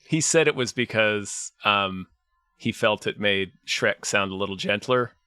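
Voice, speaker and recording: A man in a casual podcast chat, talking in a lively, laughing, profane way. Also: on the low side, measured pace, smooth, no room sound, studio quality. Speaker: podcast co-host.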